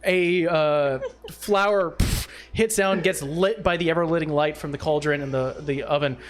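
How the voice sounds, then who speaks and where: A man's voice: a little high, moderate pace. A man narrating as game master in a tabletop game, with loose narration full of fillers.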